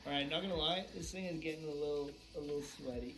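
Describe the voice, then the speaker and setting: A young woman casually streaming a video game live, teasing, swearing and bursting into theatrical shouts. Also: low-pitched, quick pace. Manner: playful, crude, theatrical outbursts. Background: game music.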